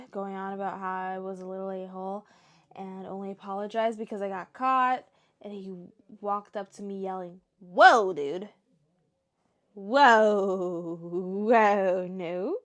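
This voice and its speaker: A young woman reading stories aloud for her show and breaking off into emotional, chatty reactions. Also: medium pitch. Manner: emotional, chatty asides between read passages. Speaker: story reaction host.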